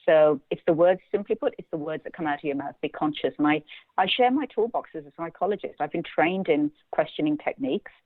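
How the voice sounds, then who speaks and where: A woman psychologist answers an interviewer's questions at a quick clip in a slightly low voice. She sounds articulate and good-humoured. The recording is dry and narrow, like a phone line. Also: no room sound. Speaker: psychologist guest. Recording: tinny phone-line call.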